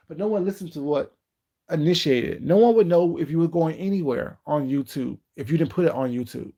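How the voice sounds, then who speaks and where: Brief: male live-stream commentator, sassy and emphatic, slightly high voice, hammers points with slow rhetorical questions. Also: warm tone.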